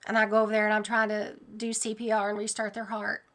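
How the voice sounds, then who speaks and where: A woman hosting her own channel, speaking in a casual, animated and earnest monologue about her dreams. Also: mid-range voice, fast. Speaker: channel host sharing dreams.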